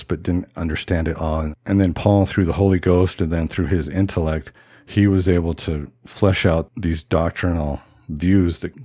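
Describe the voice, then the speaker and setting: A man's voice: low voice, mellow, dry recording, clean studio sound. A man talking in a reflective, thoughtful monologue, hedging and musing aloud as he explains ideas. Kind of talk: reflective monologue on religious history.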